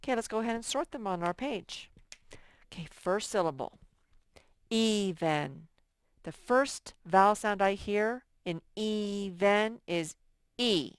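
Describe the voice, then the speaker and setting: Recorded dry, a woman with a medium-pitched, clean voice teaches young children phonics. She works slowly and patiently, thinking aloud while sorting words.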